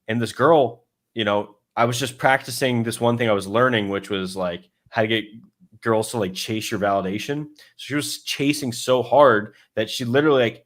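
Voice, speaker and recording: A man's voice: medium pitch, fairly bright tone. Male dating coach, casual explainer, mid-range voice, chatty and loose, restarts a lot. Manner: loose and conversational, many fillers and restarts, acts out his own inner thoughts.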